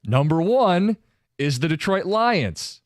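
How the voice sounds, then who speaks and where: A man hosting sports talk radio in a studio, briskly reading listener texts and news statements aloud. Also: sits high, very animated, no room sound.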